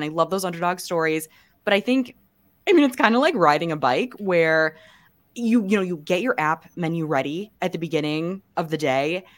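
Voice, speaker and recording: A young woman co-hosting a podcast, raspy from a cold, chatting quickly and saying "like" a lot. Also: lowish voice. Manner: chatty, quick, says "like" often. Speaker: podcast co-host. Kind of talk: casual podcast chat.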